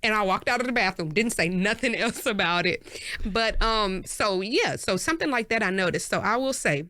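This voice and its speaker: Lively, bright-voiced Texan woman. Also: moderate pace, no room sound, clean studio sound. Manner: animated storyteller, acts out voices with big pitch jumps. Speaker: podcast co-host. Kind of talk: casual chat.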